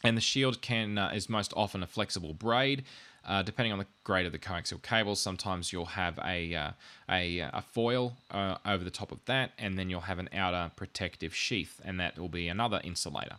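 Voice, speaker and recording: A man's voice: low voice, brisk, pushed and bright. A man hosting a podcast, explaining technical gear in a rambling, self-deprecating way with jokey asides. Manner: wired, says he has had too much coffee. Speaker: podcast host explaining networking. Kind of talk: casual technical explainer chat.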